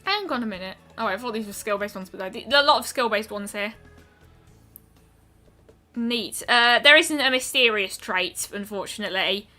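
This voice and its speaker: A woman's voice: fairly high pitch, animated, normal speed, pushed and bright, soft background music. A woman streaming a game, musing aloud in casual commentary with lots of ums and trailing thoughts.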